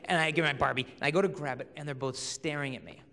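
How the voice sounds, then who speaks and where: A young adult man giving a humorous talk at a high school assembly, telling stories and acting out quoted voices. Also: quick pace. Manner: animated storytelling, acts out quoted voices. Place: large school auditorium. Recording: long hall reverb.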